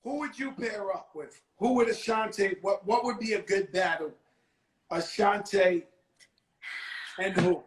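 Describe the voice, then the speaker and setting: A man's voice: high-pitched, normal speed, hardly any pauses, echoey room. A man hosting a casual interview over a video call, a little tipsy, joking loosely with plenty of cursing. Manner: loose, joking, profane street talk. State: tipsy from drinking. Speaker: host.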